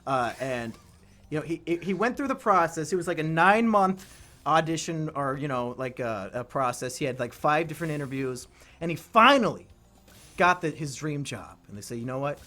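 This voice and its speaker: High, lively man telling a story. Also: normal speed. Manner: animated storyteller, bursts into shouted impressions and laughter. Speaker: let's play co-host. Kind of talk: casual chat while playing a game.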